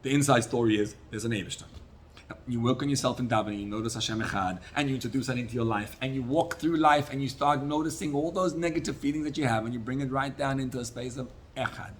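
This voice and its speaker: A man, a rabbi, giving a Torah class sermon, teaching in an animated way with Hebrew and Yiddish terms. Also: medium pitch, quick pace, a little hiss or hum.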